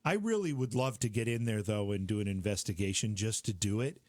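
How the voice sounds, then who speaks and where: A man's voice: fairly low pitch, fairly quick, a little mellow, dry recording. A man hosting a call-in show, chatty and steering the conversation. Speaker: host. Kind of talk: casual call-in show chat.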